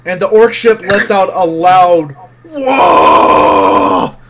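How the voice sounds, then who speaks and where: A man's voice: high voice, a little slow, heavy background noise. A man narrating as game master of an online tabletop game, describing the scene vividly with some fillers.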